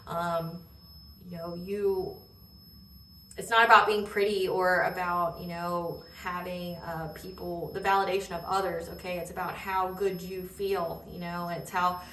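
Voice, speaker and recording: An adult woman with a lowish, sharp, level voice gives a casual spiritual tarot reading at an unhurried pace, rambling with many fillers and checking in with "okay?". She laughs while telling stories. The recording is roomy and echoey from a distant mic, with slight background noise.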